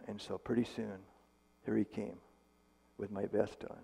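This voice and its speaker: A man who speaks as a medical missionary retells a testimony in a church hall, casual and conversational, with fillers and restarts. His voice is lowish, creaky, dark-toned and slightly rough, a little slow with little pitch movement.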